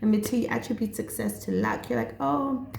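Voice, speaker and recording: Woman, 30s, Setswana accent, vlogger; mellow, gravelly delivery in a roomy echo. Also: medium pitch, very animated, fast talker, slight background noise. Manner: earnest, chatty, slips into Setswana. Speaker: mental health vlogger. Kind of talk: casual direct-to-camera talk.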